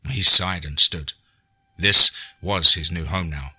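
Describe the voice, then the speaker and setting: A man narrating an audiobook story in a measured, scripted way. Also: deep voice, fairly even intonation, pushed and bright, husky.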